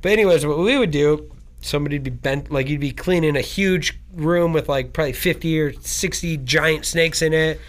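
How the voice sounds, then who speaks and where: A young man co-hosting a podcast, telling stories in a relaxed, rambling way full of "like" and "dude.". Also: a little high, normal speed. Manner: laid-back storytelling with lots of "like" and "dude". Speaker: podcast co-host. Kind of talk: casual chat.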